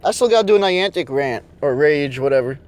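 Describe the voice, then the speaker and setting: A man's voice: fairly high pitch, lively intonation, brisk. A young man ranting and cursing nonstop while driving around and vlogging. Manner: angry, cursing constantly. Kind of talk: casual rant while driving. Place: in a car.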